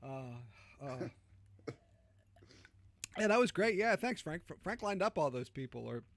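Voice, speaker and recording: A man's voice: high-pitched, big pitch swings, a little slow, dry recording. A man hosting a livestreamed talk show in casual chat. He rambles, interrupts himself, laughs easily and swears.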